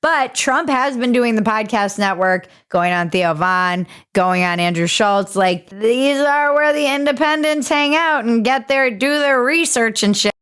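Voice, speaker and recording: A woman's voice: a little high, expressive, measured pace, hardly any pauses, a bit bright, clear, resonant tone. A woman hosting a podcast, giving casual, opinionated commentary in an irreverent, sarcastic way and swearing casually. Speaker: podcast host.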